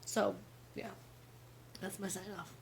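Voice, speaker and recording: A woman in her thirties chatting casually as a podcast co-host, spinning stories with frequent laughs. Her pitch sits in the middle range and her manner is loose and conversational. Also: flat delivery, slow pace, creaky. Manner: chatty, laughs often, storytelling. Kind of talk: casual chat.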